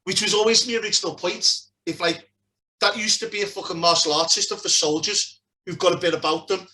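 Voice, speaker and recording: A man's voice: high-pitched, steady tone, fairly quick, bright, forceful tone. A man with a Liverpool accent in casual podcast chat, blunt and sweary, trailing off with "and that".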